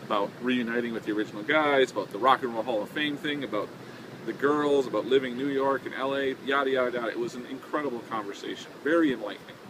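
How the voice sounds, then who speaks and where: A man's voice: mid-range voice, quick pace. A man from a touring band telling a casual anecdote in a chatty way, laughing and using fillers. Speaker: touring band member telling a tour story. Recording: windy outdoor noise.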